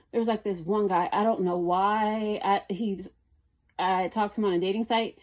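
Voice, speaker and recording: A young woman chats casually about her dating life, in a warm, mellow voice. She's blunt and rambling, piling one thought onto the next. She gets exasperated whenever she quotes people. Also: mid-range voice, moderate pace.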